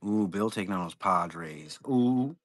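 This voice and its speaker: A man's voice: low-pitched, lively intonation, unhurried, dry recording. A young man hosting a live card-break stream, chatting casually in a rambling, profane way.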